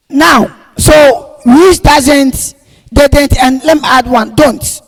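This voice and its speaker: A man teaching a grammar lesson, repeating each point slowly and stressing key words loudly. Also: very high voice, gravelly. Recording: long reverb, echoey room.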